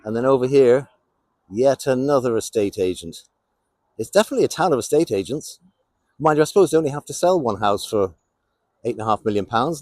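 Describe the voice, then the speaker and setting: A man's voice: mid-range voice, a little mellow, dry recording. A man with an English accent giving wry, sardonic running commentary as he walks around a town outdoors. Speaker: vlogger on a town walk. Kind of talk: casual walking commentary.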